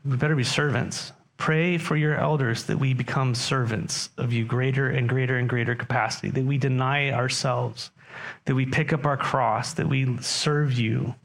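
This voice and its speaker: A man preaching a sermon as pastor, talking conversationally and putting questions to his congregation. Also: medium pitch.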